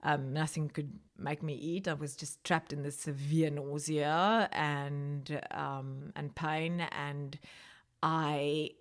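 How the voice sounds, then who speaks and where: A woman's voice: steady tone, takes it slowly. A woman from South Africa, a podcast guest, telling her story in conversation, growing emotional as she speaks. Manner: emotional, rising pitch when recounting prayer. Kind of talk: personal testimony in conversation.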